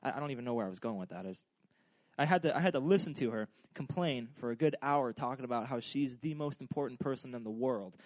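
A man's voice: medium pitch, quick pace, a little mellow, no echo. A young man giving a humorous, casual sermon in a joking, rambling, self-deprecating way. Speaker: preacher.

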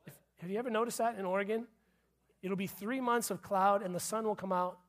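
Male pastor, high-pitched, playful sermon delivery with running gags. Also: fairly even intonation, a little fast, a bit bright. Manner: joking, repeats punchlines, laughs at himself. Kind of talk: sermon with humor.

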